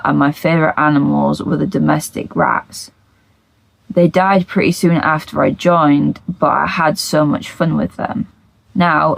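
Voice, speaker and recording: Woman reading reddit posts out loud, heavy vocal fry, blunt and sweary, dry close sound. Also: low voice, dry recording, rough recording. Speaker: reddit story reader. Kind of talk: reading posts aloud with reactions.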